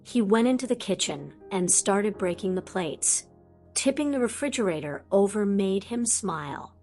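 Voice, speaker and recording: Woman narrating an audiobook over soft music. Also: mid-range voice, animated, normal speed.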